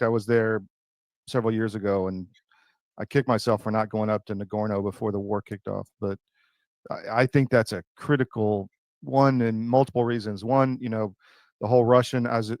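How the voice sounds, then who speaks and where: A man hosting an interview, asking questions in a relaxed, chatty way. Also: lowish voice, no room sound. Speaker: host. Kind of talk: casual interview talk.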